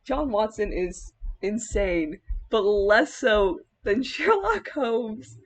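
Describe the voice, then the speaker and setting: A woman's voice: medium pitch, animated, slow pace. A young woman chatting casually in a vlog while styling a cosplay wig, rambling with many filler words and laughing mid-sentence.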